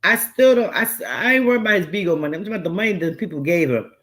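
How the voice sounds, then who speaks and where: A woman's voice: fairly low pitch, expressive, very fast, fairly bright tone, poor audio. A woman hosting a reaction video, making sarcastic, mocking comments on clips. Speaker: commentary host.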